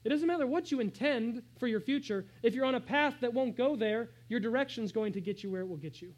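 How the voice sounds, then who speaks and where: Man, pastor, sermon, high voice, dynamic preaching, faint background hum. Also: expressive, brisk, rough recording. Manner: dynamic preaching, swings between hushed and raised.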